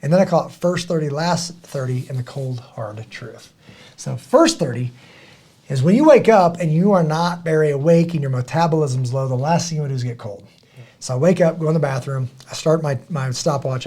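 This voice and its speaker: Husky middle-aged man, earnest storyteller. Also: mid-range voice, fairly quick. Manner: earnest, animated storytelling with acted quotes. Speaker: podcast host. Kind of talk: casual podcast conversation.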